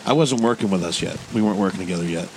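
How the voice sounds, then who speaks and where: A man's voice: sits low, rapid-fire, rough recording. Guy telling a wild story, cussing a lot, little bit of noise behind. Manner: profane, animated storyteller. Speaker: co-host. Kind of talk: casual chat. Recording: faint background noise.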